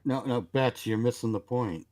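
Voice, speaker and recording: A man's voice: medium pitch, moderate pace, darkish tone, no echo. A man cohosts a loose podcast chat, firing off crude quips and reading listener jokes aloud in a mid-range voice. His close mic sounds dry. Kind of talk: casual chat.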